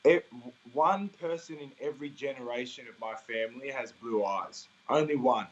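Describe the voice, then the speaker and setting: Brief: young Australian man, relaxed interviewee, muffled lo-fi call audio. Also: mid-range voice, moderate pace. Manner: easygoing, laughs often, rambling fillers. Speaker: interviewee, singer. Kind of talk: casual interview chat.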